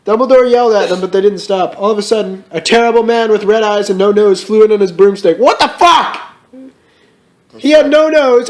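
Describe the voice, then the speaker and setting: High-voiced guy mocking a bad fanfic. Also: darkish tone. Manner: mocking, swears freely, breaks into laughter. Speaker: comedic reader. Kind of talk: comedic dramatic reading with commentary.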